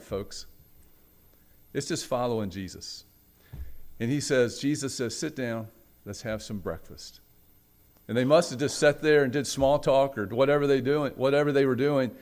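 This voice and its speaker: A man preaching a sermon, telling a story with dramatic swings from loud, raised passages to hushed ones and acting out the voices in it. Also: mid-range voice. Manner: acts out the quoted voices in the story. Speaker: pastor.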